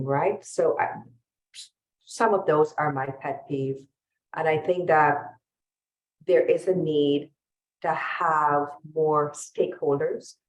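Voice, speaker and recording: A woman's voice: low-pitched, darkish tone. A woman refugee lawyer speaking earnestly on a webinar panel, telling stories from her work. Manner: earnest, storytelling. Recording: echoey room sound.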